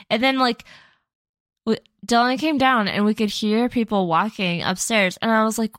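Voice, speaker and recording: A woman's voice: medium pitch, very animated, normal speed, creaky, fairly bright tone, no echo. A young woman co-hosting a podcast, chatting casually, rambling and laughing often. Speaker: podcast co-host. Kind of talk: casual chat.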